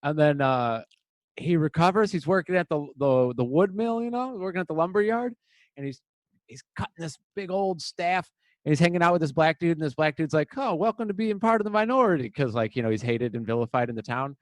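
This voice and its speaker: A man's voice: a little high, fairly quick, no echo. Young man, podcast co-host, loose rambling storyteller, dry close sound. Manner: rambling storyteller, acts out movie lines. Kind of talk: casual chat.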